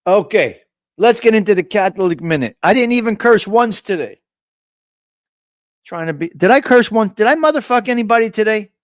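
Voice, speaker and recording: A man's voice: high-pitched, animated, normal speed, no echo, studio quality. A man with a New Jersey accent hosting a casual live-stream chat, brash and profane, joking and talking back to the chat.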